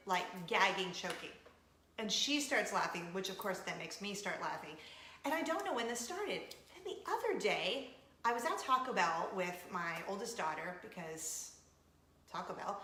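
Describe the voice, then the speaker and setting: A woman in her forties hosts a casual chat show in a playfully dramatic, self-mocking way. Her voice is bright and crisp and swoops up and down. The room is echoey, with a faint hum behind her. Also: a little high. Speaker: host of a weekly coffee talk show. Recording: roomy echo with faint room noise.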